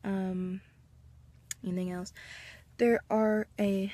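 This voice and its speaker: A vlogger speaks to camera at home in a medium-pitched, level, dark voice, talking slowly on a rough recording. Her story rambles chattily, packed with fillers and restarts.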